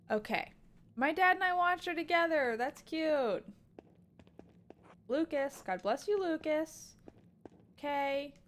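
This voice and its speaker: A woman's voice: sits high, animated, slow, pauses often, fairly bright tone. A woman streaming a game, chatting in a bubbly, exclamatory and playful way. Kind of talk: casual game stream chat.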